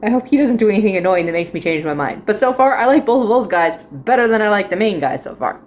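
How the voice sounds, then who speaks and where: A woman's voice: medium pitch, animated, fast. A young woman chatting casually as she reviews a drama, rambling and giggling often as she goes.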